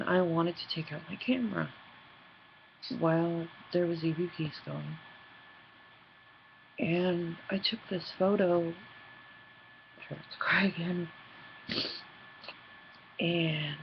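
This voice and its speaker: A woman leading a paranormal team, talking through her recent investigation in a halting, earnest video diary full of fillers and restarts. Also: fairly low pitch, creaky, dull audio, a little hiss or hum.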